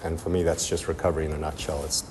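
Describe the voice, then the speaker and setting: A man telling his recovery story in a halting, heartfelt testimony full of pauses and restarts. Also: rumbling low, flat delivery, a little mellow, in a large hall, slight background noise. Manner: halting, many ums and restarts. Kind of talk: personal testimony.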